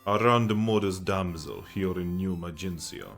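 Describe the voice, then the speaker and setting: A man's voice: deep voice, moderate pace, fairly bright tone, faint music behind. A man voicing a leering male innkeeper in a mock Russian accent, with old-fashioned formal speech. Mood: gruff.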